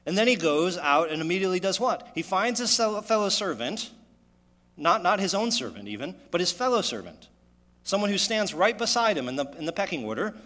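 A man preaching a sermon, animated and full of rhetorical questions, his voice echoing in a church hall. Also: sits high, a little fast. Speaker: pastor.

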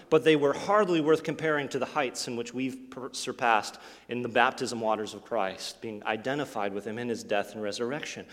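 A man's voice: mid-range voice, normal speed. Reverberant male preacher delivering a sermon. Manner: expressive preaching with rhetorical questions, sudden drops to near-quiet. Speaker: pastor.

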